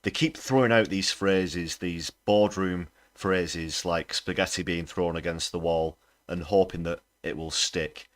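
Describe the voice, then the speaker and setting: Brief: low-pitched male host, angry political commentary. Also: fairly even intonation, unhurried. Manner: indignant, ranting. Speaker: livestream host.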